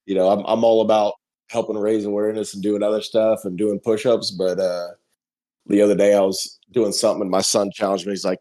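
Man, middle-aged, lowish voice, rambling casual podcast guest, remote call. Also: fairly even intonation, fairly quick, dark tone. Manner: rambling, many restarts and "you know". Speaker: guest firefighter captain.

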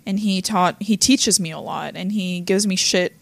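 A woman from Lebanon, a comedian guest on a podcast, chatting casually and teasing the host with relaxed, trailing asides. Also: lowish voice, moderate pace, vocal fry. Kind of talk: casual chat.

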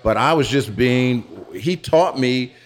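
A man in his fifties, interviewed in a pizza restaurant, telling his story haltingly and often restarting phrases. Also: medium pitch, faint music behind. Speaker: interview guest.

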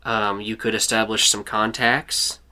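Young man, bright tone, easygoing game master for a tabletop session. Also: fairly low pitch, measured pace. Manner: relaxed, many fillers and restarts.

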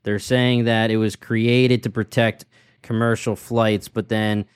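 A man's voice: on the low side, level tone, unhurried, clean tone, no room sound, studio quality. A man co-hosting a podcast, easygoing and laughing often as he chats about a TV show. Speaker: podcast co-host. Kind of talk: casual chat.

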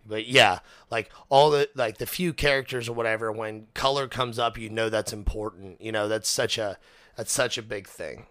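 A man's voice: on the low side, steady tone, moderate pace, fairly bright tone, no room sound. A young man hosting a podcast, chatting casually and animatedly, swearing often and acting out quotes. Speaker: podcast host. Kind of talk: casual chat.

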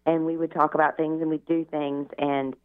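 A woman's voice: low voice, level tone, normal speed. A middle-aged woman, a radio interview guest, telling her life story in a chatty way, full of "you know" asides. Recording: tinny phone line on radio.

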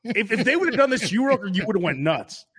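Guy, animated comic storyteller, high-ish, lots of swing, laughs a lot. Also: fast, husky. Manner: animated storyteller, laughs often, acts out quotes. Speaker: podcast host. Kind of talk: casual comedic chat.

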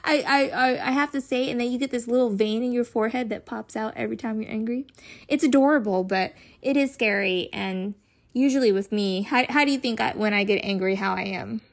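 A woman's voice: fairly high pitch, a little fast. Playful woman co-hosting a podcast. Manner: playful, teasing, giggly. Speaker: podcast co-host. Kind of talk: casual couple's podcast chat.

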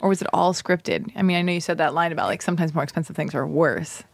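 A woman's voice: low voice, fast, vocal fry, no room sound. A woman hosting a podcast, gushing in casual chat and swearing freely. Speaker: podcast host.

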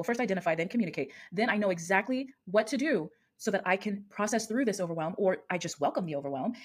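A woman in her thirties hosting a solo podcast as an emotional coach, talking earnestly and often rephrasing herself. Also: lowish voice.

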